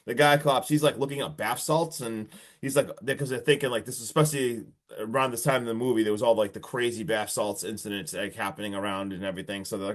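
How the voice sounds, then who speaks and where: A young man co-hosting a podcast, casually recapping a horror film in a rambling, animated way with lots of filler words and mild swearing. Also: on the low side, quick pace. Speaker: podcast co-host reviewing a film.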